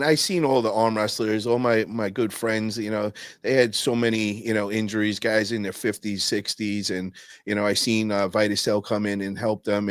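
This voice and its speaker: Podcast host: man, lowish voice, slangy and profane storyteller, dry close mic. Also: fairly bright tone, no room sound. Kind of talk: casual podcast chat.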